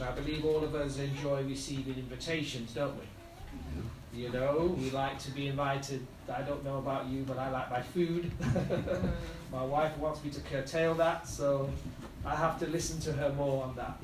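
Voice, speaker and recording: A man preaching a sermon, speaking slowly and building to fervent repeated appeals, at times chuckling at his own jokes. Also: mid-range voice, background noise. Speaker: pastor. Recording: echoey hall, heard from a distance.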